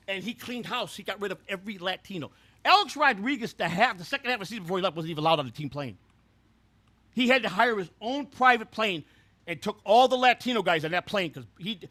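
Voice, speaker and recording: A man's voice: sits high, bright, forceful tone. A man playing a brash, foul-mouthed former baseball clubhouse worker who rambles through stories and trips over repeated words. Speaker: host. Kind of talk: scripted comedic character storytelling.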